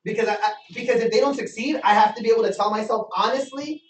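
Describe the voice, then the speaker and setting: An energetic man with a very high-pitched voice speaks quickly as he leads a motivational business training session, quizzing the live audience and repeating himself for emphasis. Recorded in an echoey meeting room by a mic placed some distance from him, the audio has a little hiss or hum.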